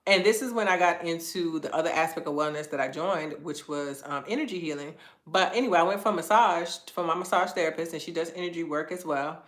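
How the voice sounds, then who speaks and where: Woman wellness coach, low-pitched, animated casual storyteller, echoey room; host of a live stream. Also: fairly quick, hardly any pauses. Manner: animated storytelling, acts out quoted voices in a much higher pitch; casual, conversational phrasing.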